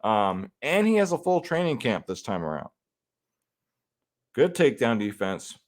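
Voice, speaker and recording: A man's voice: medium pitch, very animated, measured pace. A man hosting a fantasy sports picks video, talking casually and swearing freely as he breaks down upcoming fights. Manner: laid-back and conversational, swears freely and says "man" often.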